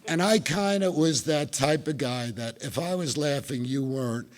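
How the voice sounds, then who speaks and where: A man's voice: on the high side, moderate pace. A middle-aged man from New Jersey with a New Jersey accent, telling his recovery story at a meeting with wry, self-mocking humor. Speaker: speaker sharing recovery story.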